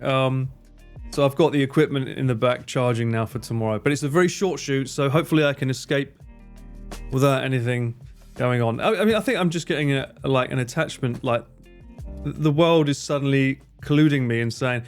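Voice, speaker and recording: A man chatting casually on his livestream, rambling, joking and swearing freely with quick asides. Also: medium pitch, soft background music. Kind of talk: casual chat reading stream chat.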